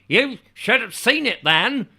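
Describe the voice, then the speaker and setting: A man doing a loud, proud country townsman. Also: extremely high pitch, expressive, slow, slightly rough, pitched above the performer's own voice, exaggerated voice. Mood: boastful. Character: proud male rural townsman, loud and blunt.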